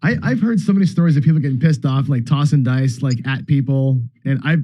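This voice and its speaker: A man's voice: medium pitch, brisk, mellow. A man chatting casually as a stream co-host, chuckling and wondering aloud. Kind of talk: casual chat. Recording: lo-fi stream audio.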